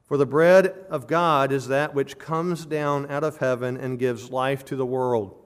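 A man preaching a sermon, teaching through a passage verse by verse with a measured delivery that rises to emphatic stress on key words. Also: mid-range voice, steady tone. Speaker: pastor. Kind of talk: expository sermon.

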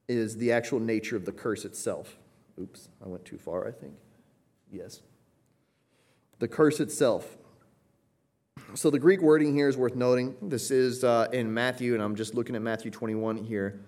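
Male Bible teacher, earnest, emphatic, mid-pitched voice, explains word by word. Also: darkish tone. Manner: earnest, emphatic, often asks "right?"; explains Greek wording slowly.

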